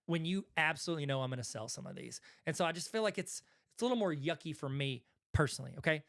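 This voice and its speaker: A man's voice: fairly high pitch, expressive, fast talker, fairly bright tone. A man with a Southern accent and a slightly raised voice, speaking as the host of a casual video. He talks loosely and conversationally, wandering into asides and correcting himself mid-sentence. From Arkansas, USA. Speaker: host, card collector. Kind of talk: casual talking-head commentary.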